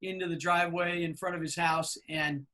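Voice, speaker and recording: A man in his fifties, a podcast co-host, telling anecdotes in a casual, animated way with plenty of fillers. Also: a little high, moderate pace. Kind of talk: casual storytelling chat.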